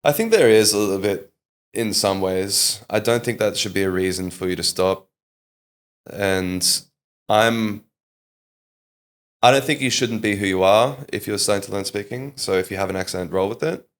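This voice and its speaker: A deep, low-pitched Australian man talking in a relaxed podcast interview. He tells stories with an easy, animated flow and drops in a "mate" now and then. His voice sits well below most men's. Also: moderate pace. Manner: animated storyteller, leans on "like" and "mate". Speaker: public speaking coach.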